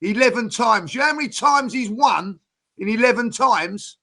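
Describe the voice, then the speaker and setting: A man's voice: sits high, lively intonation, moderate pace, gravelly, bright, forceful tone. A man ranting indignantly on a football fan panel, firing off rhetorical questions. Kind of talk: heated panel talk.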